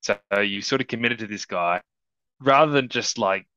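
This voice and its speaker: Man, animated casual film chat, low-ish voice, dry close sound. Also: normal speed, no echo, highs cut off. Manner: animated, acts out quoted dialogue. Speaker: podcast co-host.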